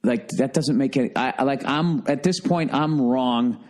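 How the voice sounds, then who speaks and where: A man hosting a solo comedy podcast, ranting profanely and swinging from shouted outbursts to low grumbling. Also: measured pace. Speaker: podcast host.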